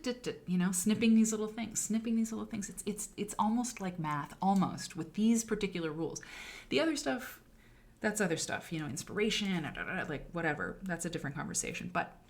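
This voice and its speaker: A woman hosting a relaxed livestream chat, with a voice sitting a little on the low side. She talks in an animated, emphatic way and drifts into chatty asides, casual and direct with her viewers. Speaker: host. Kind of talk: casual livestream talk on writing.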